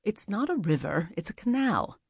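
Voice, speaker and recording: A woman voicing a calm, teasing young male mage in an audiobook, gentle but firm in tone. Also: mid-range voice, moderate pace, gravelly, husky, no echo, studio quality, full character voice. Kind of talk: audiobook character voice.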